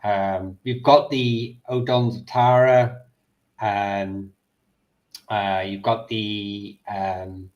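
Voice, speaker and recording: A man from Northern Ireland with an Ulster accent softened by English elocution lessons, chatting casually about history with frequent ums and restarts. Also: fairly low pitch, flat delivery, very slow, muffled recording. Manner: hesitant, lots of ums and restarts.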